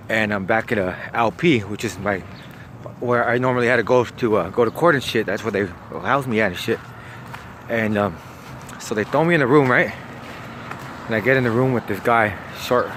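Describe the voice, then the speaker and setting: A man's voice: medium pitch, a little hiss or hum. Profane storyteller man. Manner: profane, slangy, lively, laughs at his own story. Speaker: vlogger telling a story. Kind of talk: casual storytelling.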